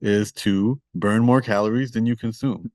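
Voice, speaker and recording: A man's voice: fairly low pitch, fairly even intonation, moderate pace, a little mellow, no echo, clean studio sound. A man with a Toronto accent, a guest author talking candidly and self-deprecatingly in a casual podcast interview.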